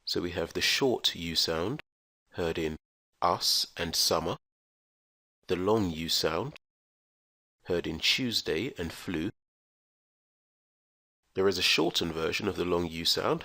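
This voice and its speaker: A man with a very low, gravelly voice leads a scripted pronunciation lesson. He talks slowly and enunciates every letter and sound with care. The recording is dry and close. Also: sharp tone, no room sound. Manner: slow, careful, enunciated delivery. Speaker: English teacher.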